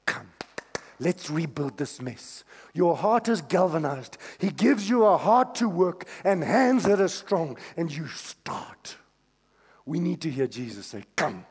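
A male pastor preaching a sermon, swinging from hushed tones to shouts. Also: fairly high pitch, husky, big-room sound.

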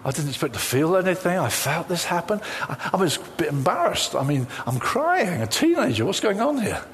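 Preaching a sermon, this pastor tells stories with lively energy at a fairly quick pace. He acts out quoted exchanges, his somewhat high voice ranging broadly in pitch, while a faint hiss sits under the audio.

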